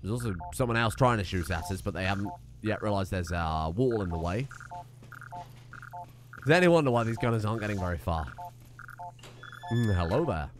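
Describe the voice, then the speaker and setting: A man's voice: fairly low pitch, expressive, a little fast, pauses often, over music. A man giving wry, chatty let's play commentary, swearing casually. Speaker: gaming streamer.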